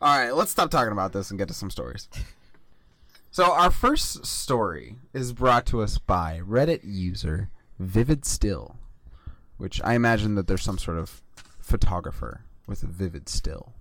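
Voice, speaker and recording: A man's voice: fairly low pitch, expressive, normal speed, bright, forceful tone, no echo. A man co-hosting a comedy podcast, teasing the others and laughing a lot. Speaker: podcast co-host. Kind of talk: casual comedy podcast banter.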